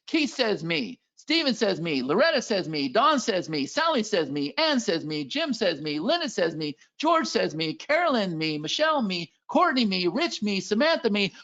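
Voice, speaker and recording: A high-pitched man with a gravelly edge to his voice drives a live webinar sales pitch. He is pushy and hyped, like a salesman working a crowd. The sound is dull and lo-fi. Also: fairly bright tone. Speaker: webinar presenter.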